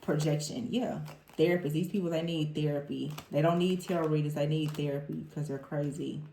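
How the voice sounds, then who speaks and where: A woman's voice: low-pitched, brisk, gravelly, a little hiss or hum. Exasperated woman giving a tarot reading. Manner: animated, exasperated, mocking the people she describes. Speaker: tarot reader. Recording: roomy echo.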